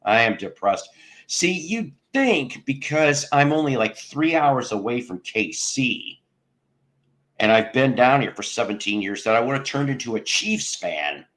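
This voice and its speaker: A man's voice: medium pitch, big pitch swings, measured pace, a bit bright. A man hosting a casual livestream, chatting with viewers in a rambling, jokey way, cracking crude jokes and laughing at them. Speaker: livestream host. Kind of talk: casual chat with live viewers.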